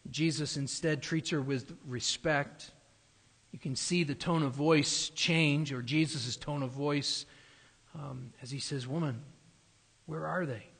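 An earnest pastor works through a scripture passage in a sermon, his voice a touch higher than most men's. His words ring out with a long echo through a large church sanctuary. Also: fairly even intonation, slow pace, fairly bright tone, husky. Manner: earnest expository preaching. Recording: long reverb of a large hall.

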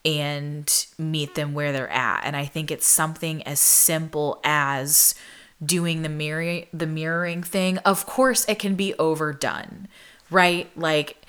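A woman's voice: sits low, slow pace, clean tone. A young adult woman vlogger telling a personal story in a chatty, casual monologue, often using "like". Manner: chatty, frequent "like", animated retelling.

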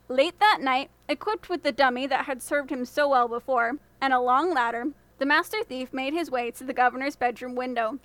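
A woman podcast storyteller reading a fairy tale in a measured, expressive way. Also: high-pitched, no room sound. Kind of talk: scripted fairy tale narration.

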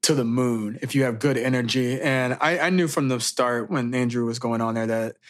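A man's voice: medium pitch, moderate pace. A young man co-hosting a casual chat, upbeat, with motivational asides. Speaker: podcast co-host.

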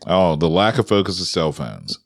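A man in his forties co-hosting a relaxed chat, speaking in a somewhat low voice. He is easygoing and chuckles as he tells stories. The sound is dry and close to the mic. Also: moderate pace, no echo. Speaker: podcast co-host, parent. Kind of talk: casual chat.

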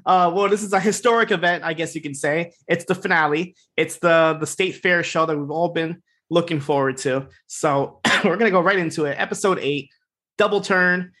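A man's voice: a little high, moderate pace, sharp tone. A man co-hosting a podcast, recapping a TV episode in loose, chatty talk full of "like" and "you know". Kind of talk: casual chat.

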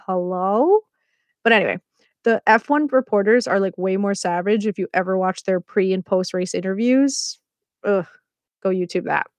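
A woman's voice: medium pitch, dry recording, studio quality. A woman hosting a podcast, recapping a series episode in a chatty, playful way with sarcastic asides. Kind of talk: casual scripted commentary.

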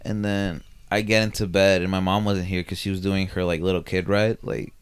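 A young man hosting a podcast, telling an animated story with lots of swearing and laughter. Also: low voice, brisk, clear, resonant tone. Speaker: podcast host. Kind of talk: casual chat.

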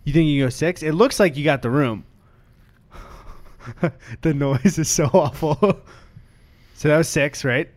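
A man's voice: on the high side, slow pace, pauses often. A young man co-hosting a podcast who laughs often and narrates the action play by play. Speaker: podcast co-host. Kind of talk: casual chat.

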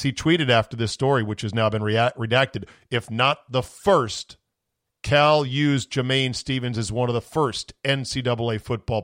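A man's voice: mid-range voice, dry recording, clean studio sound. A man hosting a sports podcast, ranting with sarcasm and indignation, his voice worn from screaming. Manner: sarcastic, indignant, swings into shouting. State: voice going from screaming. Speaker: podcast host.

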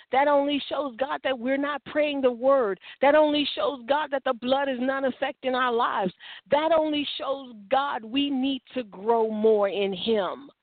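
A woman's voice: high-pitched, no room sound. A woman preaching a sermon in a fervent, exhorting manner, firing off rhetorical questions. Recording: tinny phone-like line, dry.

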